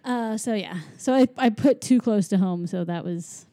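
A woman's voice: mid-range voice, normal speed, dark tone, no echo, clean studio sound. A woman chatting casually on a podcast, retelling a movie and acting out lines in silly voices, often giggling. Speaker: podcast co-host. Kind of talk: casual movie recap chat.

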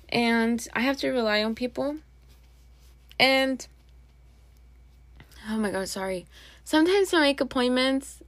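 A woman's voice: a little high, fairly bright tone, no echo. A young woman hosting a casual solo podcast, rambling and chatty with plenty of asides. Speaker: podcast host.

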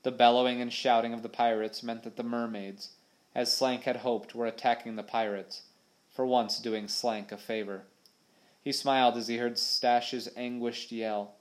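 A man narrates an adventure audiobook in a dramatic, vivid storytelling manner. His voice sits at an ordinary middle pitch for a man. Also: level tone, moderate pace. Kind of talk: scripted narration.

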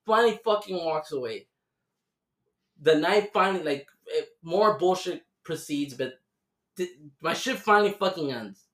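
Young male podcast host, lively profane storyteller, echoey room. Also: fairly high pitch, normal speed. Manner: animated, profane, doing voices in quotes. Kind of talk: casual storytelling chat. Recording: roomy echo.

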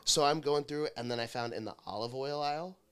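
Man, podcast host, bright sharp voice, animated, jokey, casual swearing. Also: medium pitch, a little fast, smooth. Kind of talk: casual chat.

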